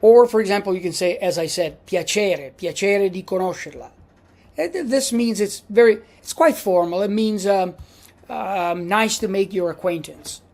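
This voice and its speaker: A woman's voice: medium pitch, moderate pace, darkish tone. A woman giving a classroom lecture as a language teacher, patiently repeating each example.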